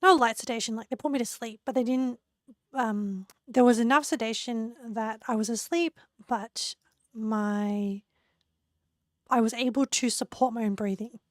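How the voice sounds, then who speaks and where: Young woman streaming from home, voice all hoarse and creaky, rambly chatty talk, dry no-echo mic. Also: steady tone, brisk. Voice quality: squeaky, creaky voice. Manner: chatty and rambling, laughs often. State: hoarse, losing her voice. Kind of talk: casual live-stream chat. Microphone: desk mic.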